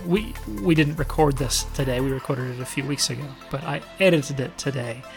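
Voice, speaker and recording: A man's voice: medium pitch, gravelly. A man in his thirties hosting a podcast, talking frankly about himself and laughing often. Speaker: podcast host. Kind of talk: candid podcast talk.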